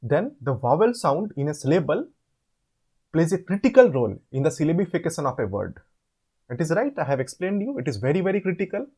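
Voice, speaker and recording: Indian english guy tutoring an assignment, husky, lively up and down voice, repeats words slow. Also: fairly high pitch. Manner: explains step by step, repeats words slowly, asks rhetorical questions. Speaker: online course tutor. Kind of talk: assignment walkthrough lesson.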